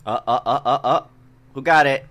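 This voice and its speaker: A man's voice: mid-range voice, moderate pace, a bit bright. A man hosting a casual podcast quiz game, often laughing and breaking composure while reading questions.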